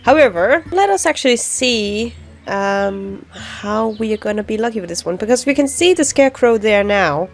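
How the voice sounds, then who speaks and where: A woman's voice: fairly high pitch, lively intonation, normal speed, vocal fry, faint music behind. A woman giving casual, rambling gameplay commentary, chatty and giggly. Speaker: let's play commentator.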